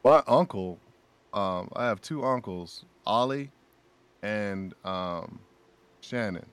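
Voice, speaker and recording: A man talking as a guest voice actor in a casual podcast chat, an animated storyteller who laughs often and repeats his phrases. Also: on the low side, slow, clear, resonant tone, no room sound.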